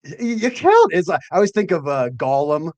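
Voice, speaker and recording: Animated, swearing male host. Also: fairly high pitch, fairly quick. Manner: animated, profane, rambling. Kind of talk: casual chat.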